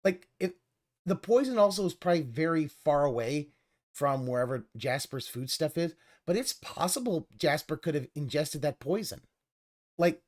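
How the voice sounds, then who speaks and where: Her voice deep and slightly mellow with lively intonation, this female streamer watches a video and unloads a profane, sarcastic rant at normal speed. She's clearly exasperated and now and then imitates the person she's watching to mock them.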